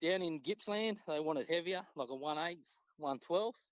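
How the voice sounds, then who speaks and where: A man with an Australian accent, a podcast guest telling fishing stories in a relaxed, swearing, casual way. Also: normal speed, no echo. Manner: laid-back, swears freely, acts out quotes with pitch jumps. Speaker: podcast guest, tournament angler. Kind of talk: casual storytelling chat. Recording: dull lo-fi dry sound.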